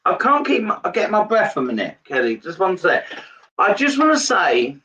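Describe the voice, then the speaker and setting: A man's voice: high-pitched, wildly swooping pitch, normal speed, bright, forceful tone, far from the mic, muffled recording. A man giving a live psychic reading, earnest and repetitive in his phrasing. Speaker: medium.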